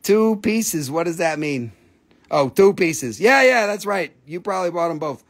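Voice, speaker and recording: A man with a high voice hosts a live crystal sale in a loose, joking way. He swears freely and breaks into giggles, and his tone has a gravelly creak. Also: lively intonation, moderate pace. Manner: giggly, profane, jokey storyteller. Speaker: host of a live crystal sales stream. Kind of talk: casual live sales chat.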